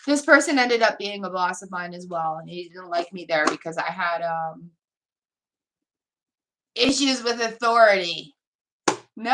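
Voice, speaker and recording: A woman's voice: medium pitch, noisy background. A woman giving a live tarot reading, chatting casually and laughing often. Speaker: tarot reader.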